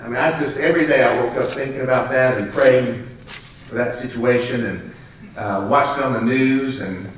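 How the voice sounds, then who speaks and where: Pastor preaching in an echoey hall. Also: male voice, medium pitch, a bit bright. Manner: conversational, asks the congregation questions. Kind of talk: sermon. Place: church sanctuary. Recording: echoey church hall, mic at a distance.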